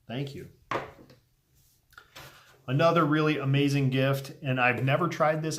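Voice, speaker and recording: A man hosting a casual unboxing vlog, speaking earnestly and heartfelt, a little emotional, often trailing off softly with ums between thoughts. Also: mid-range voice. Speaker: pipe tobacco video host.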